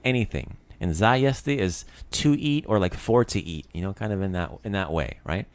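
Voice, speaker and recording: A man hosting a casual language lesson, lively and explaining words with many fillers and restarts. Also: fairly low pitch, fairly quick, clean tone, no echo. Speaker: language podcast host.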